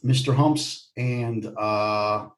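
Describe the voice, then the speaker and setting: A man's voice: fairly low pitch, fairly even intonation, very slow. A man co-hosting a casual podcast, talking in a playful, teasing way with lots of fillers. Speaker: podcast co-host.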